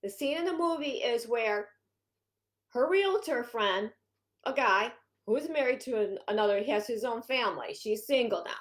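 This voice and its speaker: Brief: woman consultant, chatty and meandering, bright high voice. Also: animated, moderate pace. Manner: rambling, chatty, frequent restarts. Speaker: home organizing consultant. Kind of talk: casual vlog talk.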